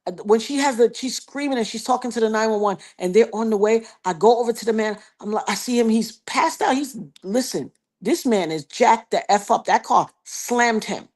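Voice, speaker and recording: A middle-aged woman with a fairly high voice tells a dramatic personal story. She is emphatic and animated, acts out what people said, and turns to address the listener directly. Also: normal speed, hardly any pauses.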